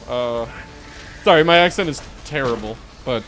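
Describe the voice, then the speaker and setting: A man's voice: medium pitch, slow, long pauses, a bit bright, a little hiss or hum. A man streaming a video game, chatting casually with his viewers, reading their messages aloud and laughing often. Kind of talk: casual live-stream chat.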